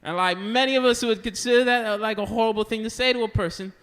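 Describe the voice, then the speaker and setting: A man's voice: high-pitched, fairly even intonation, quick pace, a bit bright, clean tone. A male stand-up comedian from Haiti, telling a rambling, self-deprecating story. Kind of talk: stand-up set. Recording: long reverb and noisy hall.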